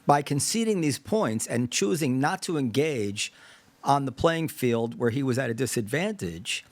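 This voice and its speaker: A podcast host talks through a debate in casual discussion, thinking aloud with fillers and drifting into digressions. His mid-range voice moves at a moderate pace, and he animatedly acts out imagined exchanges. The recording is dry.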